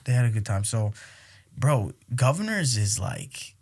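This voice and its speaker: A man's voice: medium pitch, big pitch swings, measured pace, darkish tone. A young adult man hosting a podcast, telling stories in casual chat with lots of swearing and acted-out quotes. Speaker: podcast host.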